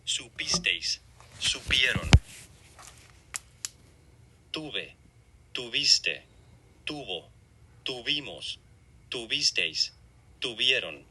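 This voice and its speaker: A man reading lesson examples as a word list, slowly and deliberately, one word at a time. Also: medium pitch, very animated, sharp tone, a little hiss or hum. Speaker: model speaker reading examples.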